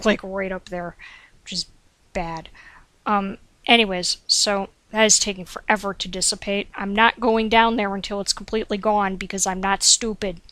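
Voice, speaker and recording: A woman's voice: medium pitch, steady tone, normal speed, sharp tone, no room sound. A chatty woman rambles through her own gameplay, full of "like" and "um," drifting between game remarks and side talk to her cat. Her voice sits in a middling range and is recorded close and dry on a desk mic at home, with no room sound around it. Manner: chatty, digressive, frequent "like" and "um". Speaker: gaming commentator. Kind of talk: rambling let's-play commentary. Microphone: desk microphone.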